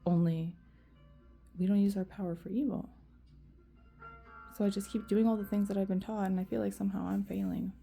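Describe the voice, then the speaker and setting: A woman's voice: mid-range voice, steady tone, brisk, vocal fry, long pauses, dark tone, soft background music. A woman vlogger venting in a rambling, profane rant to camera, full of fillers.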